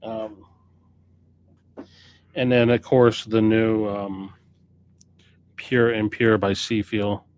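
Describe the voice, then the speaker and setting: Man, low voice, casual live-stream chat, rambling, self-correcting, record shop owner. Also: level tone, extremely slow, long pauses, darkish tone. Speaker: record store owner streaming new arrivals.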